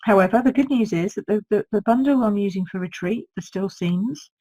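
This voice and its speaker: A woman's voice: mid-range voice, a little fast, mellow, poor audio. A woman with a sore throat, chatting through a live card-making demonstration and thinking aloud as she works. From United Kingdom. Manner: chatty, thinks aloud, reads viewer comments. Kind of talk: live-streamed craft demonstration.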